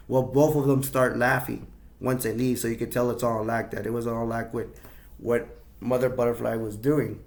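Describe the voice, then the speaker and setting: A man's voice: mid-range voice, little pitch movement, moderate pace, vocal fry, darkish tone. A man casually recapping a horror film scene by scene, rambling with many restarts. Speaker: movie reviewer.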